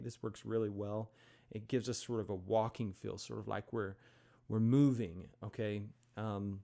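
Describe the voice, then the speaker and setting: A man's voice: on the low side, vocal fry. Man teaching piano, counting beats aloud. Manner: relaxed, with many fillers and check-ins. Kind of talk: casual instruction. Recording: loud piano alongside the voice. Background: piano playing.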